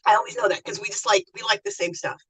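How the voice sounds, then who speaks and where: Livestream host, American woman, middle-aged, husky and bright, lively chatter. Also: medium pitch, fast talker, far from the mic, rough recording. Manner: chatty, reads viewer comments aloud and laughs often. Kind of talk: casual livestream chat.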